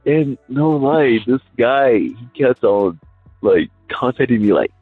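Animated husky male podcast host. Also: medium pitch, slow, dry recording. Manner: animated, lots of "like", acts out quotes. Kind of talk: casual storytelling interview. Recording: phone-like line with faint music.

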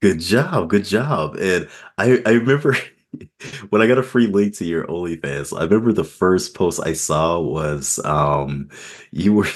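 A man hosting a casual adult podcast, telling stories with lots of laughter and squeaky put-on voices. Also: a little slow, breathy edge. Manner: animated storyteller, laughs and jumps into high-pitched voices. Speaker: podcast host.

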